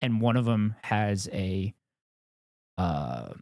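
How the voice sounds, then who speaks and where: A man's voice: fairly low pitch, takes it slowly, gravelly, no room sound. Swearing male streamer, dry close mic. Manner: profane, animated and joking. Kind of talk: casual live-stream reaction.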